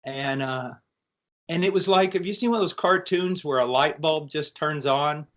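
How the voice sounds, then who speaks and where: A middle-aged American man giving an earnest, animated personal testimony in conversation, with frequent restarts. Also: fairly high pitch, moderate pace. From United States. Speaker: interview guest.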